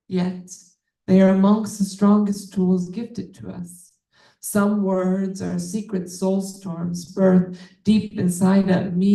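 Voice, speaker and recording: A woman reads her own literary prose aloud in a slow, mellow voice, deliberate and earnest, with occasional casual asides. Her voice is recorded from a distance in a roomy bookstore space. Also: medium pitch. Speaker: author. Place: bookstore event.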